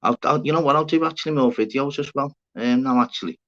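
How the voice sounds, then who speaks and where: Speaking fast in a mid-range, slightly bright voice, a livestream host rambles casually, swears, and jokes around with viewers in the chat. The audio is dull and lo-fi.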